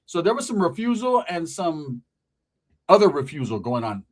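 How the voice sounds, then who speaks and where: Male comedian, storytelling, high-pitched voice, profane, slangy, animated. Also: normal speed.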